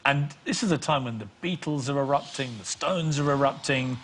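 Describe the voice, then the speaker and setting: A man's voice: mid-range voice, fairly quick, fairly bright tone, a little hiss or hum. A middle-aged man who asks probing, teasing interview questions and reads the scripted narration.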